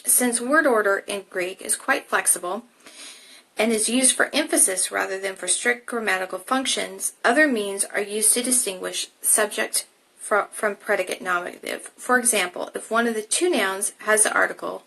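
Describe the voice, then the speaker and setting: Brief: young woman, bright and clear voice, relaxed teacher reading and explaining a text. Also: medium pitch, normal speed, poor audio. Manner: explains casually, then reads passages aloud with restarts. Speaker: Bible teacher. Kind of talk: live-streamed Bible study.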